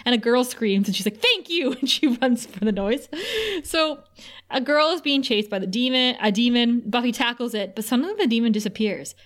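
A woman's voice: a little high, brisk. A woman co-hosting a podcast, casually recapping TV scenes with quoted lines and frequent laughter. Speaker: podcast co-host.

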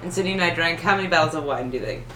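A woman's voice: low voice, very fast. A woman hosting a casual chat, asking questions and teasing her guest. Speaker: host. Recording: echoey room with background noise.

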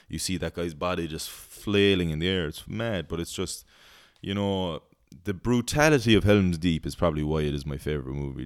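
Young man, casual podcast host, rambling, dry close sound, clear resonant tone. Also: low voice, no echo. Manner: rambling, swears freely, laughs at own jokes. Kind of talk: casual chat.

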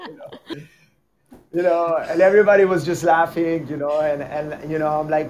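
A man who teaches tango, telling stories in a casual chat, animated and laughing often, repeating his words. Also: on the high side, moderate pace, slight background noise.

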